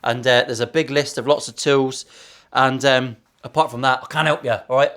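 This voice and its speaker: A man's voice: medium pitch, steady tone, moderate pace, fairly bright tone. A man, a luthier chatting casually and sarcastically while building a guitar in his workshop, swearing freely.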